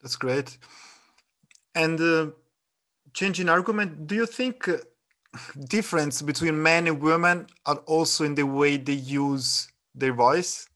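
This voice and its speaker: Slightly high-voiced Italian host. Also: male voice, sharp tone. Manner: questioning, halting with fillers. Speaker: podcast host. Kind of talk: casual podcast interview.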